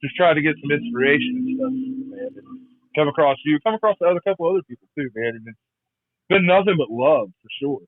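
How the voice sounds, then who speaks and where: A man's voice: a little high, big pitch swings, fast talker, no echo. Laid-back man on a tinny line. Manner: laid-back, says man and bro a lot, repeats words. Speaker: guest. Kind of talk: casual chat.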